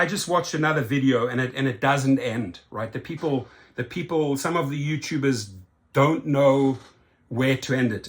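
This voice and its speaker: A man from South Africa hosting a rideshare channel, giving emphatic opinion commentary and often tagging his points with "right?". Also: medium pitch.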